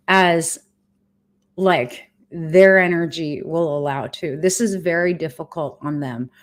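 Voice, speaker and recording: Frank, emotional middle-aged woman, lowish voice. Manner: frank and emotional, with casual swearing. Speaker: vlogger sharing a cancer journey. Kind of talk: candid personal update.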